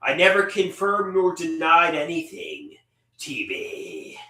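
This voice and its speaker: A man's voice: on the high side, wildly swooping pitch, slow, pushed and bright. A man hosting a casual livestream, rambling and reading out viewer comments. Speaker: livestream host. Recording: echoey room, distant mic.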